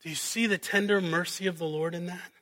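A man preaching a sermon, rising to loud emphatic peaks and dropping to quiet, intimate asides. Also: high-pitched, fairly even intonation, fairly quick.

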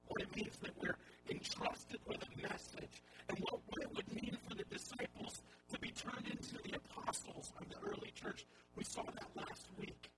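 A male pastor giving a sermon in a conversational style with wry asides, over a recording with hum and noise. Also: extremely high pitch. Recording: audible hum and background noise.

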